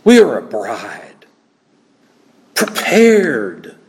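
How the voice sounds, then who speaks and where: Lively, animated male preacher in a hall. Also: medium pitch, extremely slow, creaky. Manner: expressive preaching, acts out little scenes. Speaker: pastor. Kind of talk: sermon. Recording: reverberant hall.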